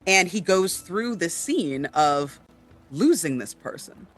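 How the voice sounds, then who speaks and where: A woman's voice: fairly low pitch, very animated, takes it slowly, soft background music. A woman co-hosting a casual chat about tabletop games, with lots of fillers, often checking in with "right?". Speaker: podcast co-host.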